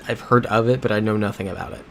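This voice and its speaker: A man in a relaxed, rambling livestream chat, reading out messages from viewers and answering them easily. His voice sits somewhat low, with a faint hum of noise behind him. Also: quick pace. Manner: chatty, reads viewer comments aloud and reacts to them; laid-back, with soft chuckles. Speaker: livestream host. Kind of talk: casual livestream chat while playing a geography game.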